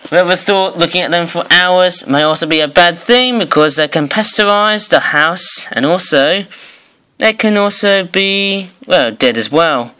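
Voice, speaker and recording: A hoarse man with an Australian accent, rambling through a casual product review vlog and often correcting himself. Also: fairly high pitch, bright, forceful tone, rough recording. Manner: rambling, hesitant, self-correcting. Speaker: toy reviewer.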